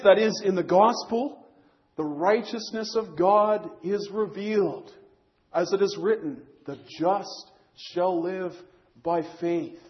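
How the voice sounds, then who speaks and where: A man's voice: high voice, lo-fi sound. A man preaching a sermon to a congregation, earnest, repeating key phrases, with frequent restarts. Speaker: pastor.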